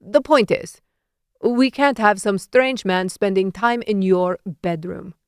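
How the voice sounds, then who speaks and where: A woman's voice: mid-range voice, slow pace, clear, resonant tone, dry recording, clean studio sound. A woman voicing a worried, flustered middle-aged father who speaks defensively and apologetically in an audiobook.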